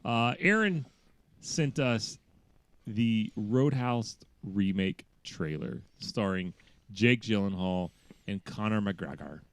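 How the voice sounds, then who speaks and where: A man's voice: on the low side, animated, takes it slowly, clean tone, no room sound. A man on a casual podcast, reading a news story aloud in a mock-serious delivery that keeps slipping into laughter.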